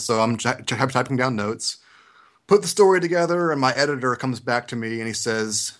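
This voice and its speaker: A man's voice: mid-range voice, brisk. A young man from the US South with a Southern accent, telling a story on a podcast and acting out the quotes. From Georgia, US South. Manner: animated storyteller, acts out quotes. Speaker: podcast host. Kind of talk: casual podcast chat.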